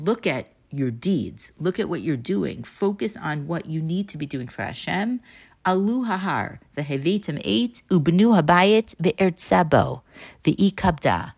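Woman Bible teacher, fairly low voice, patient explaining, slow verse reading. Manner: explains patiently, reads Hebrew verses slowly and translates them. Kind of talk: text study lecture.

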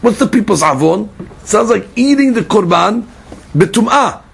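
Gravelly high-voiced man teaching Talmud. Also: normal speed. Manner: animated, questioning, repeats words, mixes Hebrew and Aramaic terms into English. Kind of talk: Talmud study lesson.

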